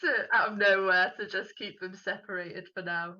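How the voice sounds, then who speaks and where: A woman's voice: mid-range voice, fairly even intonation, normal speed, sharp tone, lo-fi sound. A woman playing a monk character in a tabletop game, chatting casually with light laughs. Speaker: player.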